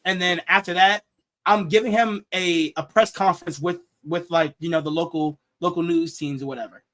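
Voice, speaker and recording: A young man with a high voice hosts a casual sports talk show. He jokes, laughs at his own jokes and repeats his words as he goes. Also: fairly even intonation, normal speed, a bit bright. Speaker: show host.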